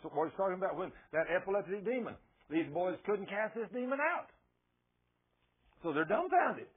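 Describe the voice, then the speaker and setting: A preacher man delivers his sermon in a husky, slightly high voice that swings up and down. He tells stories and acts out the dialogue in them. The sound is thin and tinny, like a radio broadcast over a phone line. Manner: storytelling, acting out quoted dialogue.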